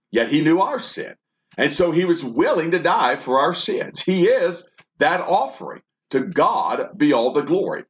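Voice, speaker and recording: Male Bible teacher, earnest, animated pitch, dull lo-fi sound. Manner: earnest, reads verses then expounds. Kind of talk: Bible study teaching, reading scripture aloud. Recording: dull lo-fi recording.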